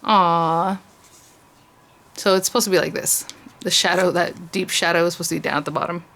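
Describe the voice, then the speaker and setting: A woman's voice: fairly low pitch, fairly even intonation, normal speed, vocal fry, fairly bright tone. A woman hosting a casual crafting tutorial, thinking aloud with frequent restarts and little laughs as she works at her desk. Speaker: crafting channel host.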